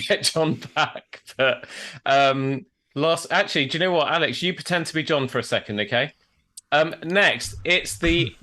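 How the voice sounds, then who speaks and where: A man's voice: medium pitch, sharp tone. Chatty male podcast host. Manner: chatty, laughs easily, scripted intros. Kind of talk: casual podcast chat. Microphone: video call.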